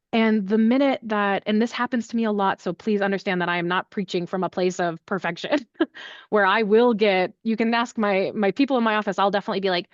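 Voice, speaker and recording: Woman, animated and chatty interview guest, mid pitch, dry close mic, somewhat dull lo-fi audio. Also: fairly quick, dry recording. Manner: animated, chatty, with lots of fillers. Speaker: accessibility services head, podcast guest. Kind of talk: conversational interview answer.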